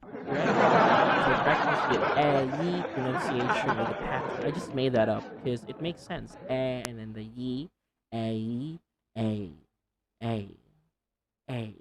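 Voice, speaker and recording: A woman teaching English pronunciation, repeating sounds and words over and over, slow and deliberate, with playful asides. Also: extremely low pitch, expressive, a crowd in the background, noisy background. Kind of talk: pronunciation lesson.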